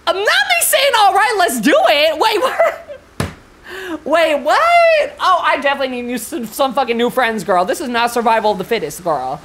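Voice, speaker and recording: A young woman streaming a horror game, chatting with sassy, profane slang and reading the game's lines aloud, going from low mumbles to sudden shrieks. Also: big pitch swings, normal speed, fairly bright tone, a little hiss or hum. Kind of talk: casual live-stream commentary, reading game dialogue aloud.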